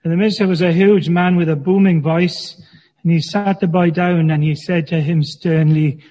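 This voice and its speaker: Male minister, measured sermon with dry humor; muffled, lo-fi church recording with a long echo. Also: fairly high pitch, fairly even intonation. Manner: measured, gently humorous preaching. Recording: dull sound with long church reverb.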